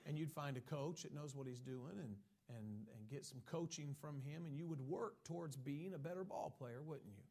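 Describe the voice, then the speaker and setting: A man preaching a sermon, reading scripture slowly and building to emphatic, rising bursts as he addresses his church. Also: on the high side, a little mellow, husky. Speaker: pastor.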